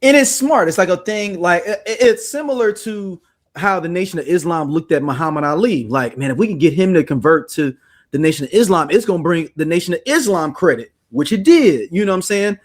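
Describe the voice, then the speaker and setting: A man's voice: high-pitched, fairly quick. Joking man podcast host. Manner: loose, joking, animated storytelling. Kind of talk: casual chat.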